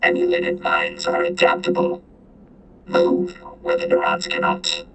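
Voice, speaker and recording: A man's voice: completely flat delivery, a little slow, a bit bright, faint music behind, heavily acted. A man voicing an ancient sentient vending machine that speaks in clipped, broken phrases through a synthesized, multitonal robotic voice. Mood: ominous. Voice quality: deep, gravelly, multitonal whining.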